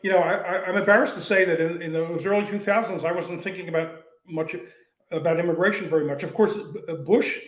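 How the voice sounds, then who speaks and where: A man's voice: high voice, a little fast, roomy sound. An older man in a conversational discussion, telling stories with frequent restarts and repeated words. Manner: animated storytelling with frequent restarts. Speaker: guest, writer.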